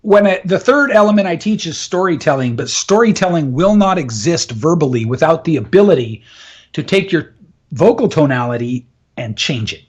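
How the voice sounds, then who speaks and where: A man's voice: on the high side, lively intonation, normal speed, husky. A man in an interview, enthusiastically explaining voice and communication techniques and often laughing. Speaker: voice and communication coach.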